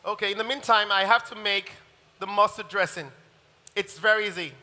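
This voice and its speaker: A high, very bright male voice belongs to a chef who talks his audience through a recipe as he cooks. His enthusiasm comes through, and a long hall reverb trails behind him. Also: a little fast. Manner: enthusiastic, talks while cooking. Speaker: chef giving a cooking demonstration. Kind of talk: live cooking demonstration. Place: large hall at a live event.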